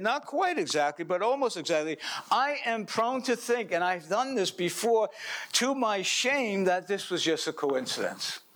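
Preacher, male, animated delivery, acts out scenes, somewhat high voice, restarts a lot. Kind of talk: sermon.

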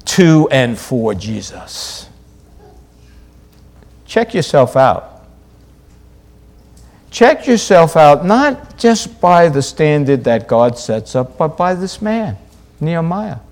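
A male preacher delivering a sermon in a deliberate, unhurried cadence. His voice sits a little high for a man. He hammers points home by repeating them, rising to loud peaks and then dropping almost to a hush. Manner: emphatic, repeats key phrases, swings from loud highs to quiet lows.

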